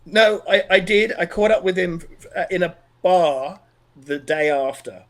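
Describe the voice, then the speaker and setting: A middle-aged Australian man telling a personal story in an interview, earnest and animated, often restarting sentences. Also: high voice, measured pace. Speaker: podcast guest.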